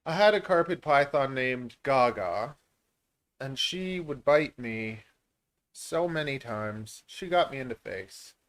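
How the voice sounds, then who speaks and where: A man's voice: medium pitch, animated, slow, a bit bright. Rambling, self-deprecating man streamer. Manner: rambling, self-deprecating, many filler words. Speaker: reptile breeder and channel host. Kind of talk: casual live-stream Q&A.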